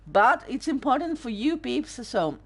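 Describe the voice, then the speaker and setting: A woman's voice: high-pitched, big pitch swings, unhurried, husky. A woman hosting a let's play, chatting casually over gameplay with sarcastic asides and frequent fillers.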